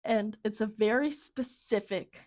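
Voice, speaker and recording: A woman's voice: medium pitch, a little slow, a little mellow, dry recording, studio quality. A young woman co-hosting a casual chat, talkative and laughing often. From Minnesota, USA. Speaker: podcast co-host.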